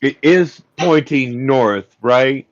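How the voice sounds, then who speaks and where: A man's voice: medium pitch, takes it slowly. Casual male player on a muffled mic. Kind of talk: casual tabletop play.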